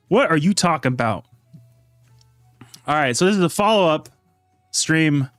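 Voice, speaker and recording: Man streaming, fairly high voice, dry close mic, faint music behind, laid-back chat. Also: lively intonation, moderate pace, pauses often, fairly bright tone, no room sound. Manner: laid-back, reads chat aloud, rambling asides. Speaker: livestream host. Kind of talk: casual live-stream chat.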